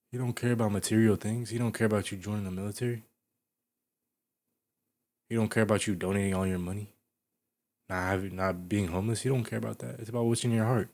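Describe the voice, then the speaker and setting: Low-voiced man scolding in profane commentary. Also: darkish tone. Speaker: reaction video host. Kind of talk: reaction commentary.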